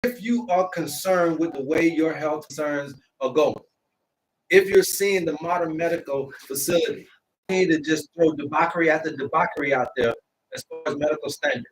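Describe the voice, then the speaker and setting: High-voiced preachy man on a live stream. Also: distant mic, poor audio. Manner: preachy and repetitive, drawing out words slowly for emphasis. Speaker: herbalist host of a live stream. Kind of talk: live-stream lecture to viewers.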